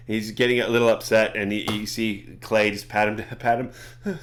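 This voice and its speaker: A man narrating a tabletop game as its game master. His voice sits fairly low, and he rambles, often circling back mid-sentence. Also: flat delivery, moderate pace, few pauses, slight background noise. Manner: rambling, many fillers and restarts.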